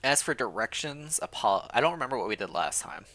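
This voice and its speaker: Bright-voiced man streaming a game. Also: mid-range voice, sing-song, brisk. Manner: casual, laughing, self-correcting. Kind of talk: reading a visual novel aloud with commentary.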